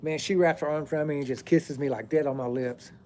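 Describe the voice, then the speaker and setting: A man's voice: fairly high pitch, steady tone, quick pace, a little mellow, a little hiss or hum. A man, telling a personal story in a rambling, profane, drawling way.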